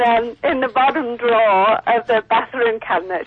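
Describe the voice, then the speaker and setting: A woman's voice: a little high, normal speed, noisy background. An Australian woman, a dog breeder, chatting casually as a radio guest over the phone, with lots of fillers and restarts. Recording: phone-line sound.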